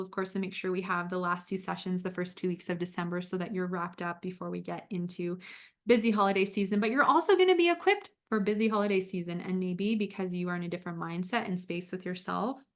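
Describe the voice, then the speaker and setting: A woman health coach talking warmly to her viewers on a livestream, moving from a program pitch into a guided visualization. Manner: upbeat and encouraging.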